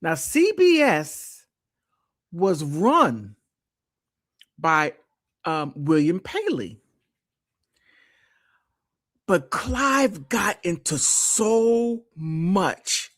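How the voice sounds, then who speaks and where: A woman hosting a live stream, reading aloud and commenting on what she reads. She speaks slowly and with a lively, swooping pitch, and her voice sits a little low for a woman. She keeps exclaiming and restarting her sentences. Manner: animated, exclaims and restarts often. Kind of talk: casual commentary, reading from an article.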